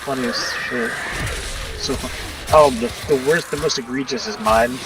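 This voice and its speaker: A man's voice: mid-range voice, normal speed. A man from Maryland chatting casually and swearing freely with friends on a game stream. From Maryland, USA. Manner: swears casually, animated storytelling. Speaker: gamer on a group stream. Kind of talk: casual chat among friends. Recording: distant mic with clear background noise.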